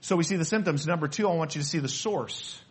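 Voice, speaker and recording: Husky, high-voiced emphatic preacher man. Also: fast talker. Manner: emphatic, animated preaching with repeated phrases. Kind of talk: sermon.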